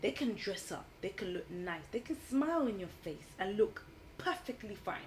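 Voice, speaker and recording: A woman's voice: mid-range voice, sing-song, normal speed, slight background noise, rough recording. Earnest woman in a casual chat. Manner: earnest, emphatic, repeats herself.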